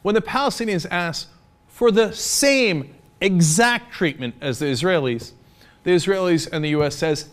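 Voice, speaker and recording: A man delivers opinionated political commentary in a somewhat high-pitched voice. He argues with passion and a sarcastic edge, pressing each point hard. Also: expressive, moderate pace. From United States. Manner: impassioned, sarcastic, argumentative.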